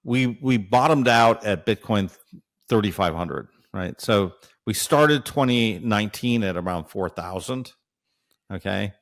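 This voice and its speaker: A man's voice: fairly low pitch, animated, unhurried. A man being interviewed as an analyst, explaining at length while thinking aloud, with many fillers and checks like "right?". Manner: frequent hesitations and fillers. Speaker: guest analyst.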